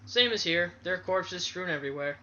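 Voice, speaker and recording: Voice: medium pitch, lively intonation, brisk, bright, forceful tone, highs cut off, slight background noise. A player reading a cold cynical tactician.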